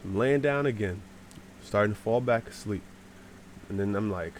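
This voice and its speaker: A man telling a casual, rambling storytime to his channel, slangy, with sudden shouted bits. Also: on the low side, moderate pace, pauses often, background noise. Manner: animated, swears, shouts out acted lines.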